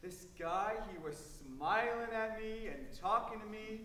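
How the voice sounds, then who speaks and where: A cheerful, teasing young man, played by a performer who chats brightly and breaks into a bouncy show tune. The delivery is lively and unhurried, and it sounds distant and echoey, buried in loud music. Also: medium pitch, a little hiss or hum. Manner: chatty, then crooning a jaunty show tune. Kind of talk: stage musical comedy, sung.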